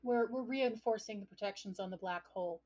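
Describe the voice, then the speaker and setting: A woman's voice: medium pitch, brisk, darkish tone, lo-fi sound, natural voice. A woman voicing an anxious, affectionate female shopkeeper in a tabletop game. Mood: earnest. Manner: startled, then tender and earnest.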